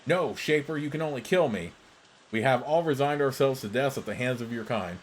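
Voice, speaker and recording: A cold, unafraid rebel warrior woman from a fantasy game, speaking with calm defiance as a man reads her lines aloud. The delivery sits in a plain middle pitch, with a faint hiss of noise underneath. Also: a little fast, natural voice, poor audio. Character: defiant rebel female survivor soldier.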